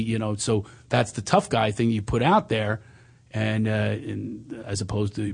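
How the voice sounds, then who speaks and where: A man from the US East Coast hosting a radio show, joking around in studio chat and slipping into quick comic voices. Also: on the low side, vocal fry. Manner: animated, jokey, slips into quick voices.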